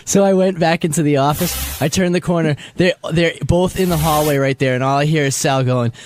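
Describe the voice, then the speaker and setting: Male staffer, slightly high, brisk report, faint noise in the background. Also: fairly even intonation. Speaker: radio show staffer reporting back. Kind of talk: casual studio report.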